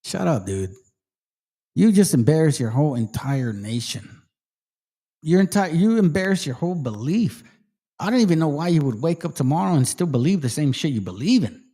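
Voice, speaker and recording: A fired-up man who talks straight to his viewers and swears at every turn. He slips into Spanish slang now and then. His voice sits a little high and swings up and down a lot. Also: sing-song, moderate pace, dark tone, slightly rough. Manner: heated, swearing, code-switching into Spanish slang. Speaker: channel host. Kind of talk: profane casual rant to viewers.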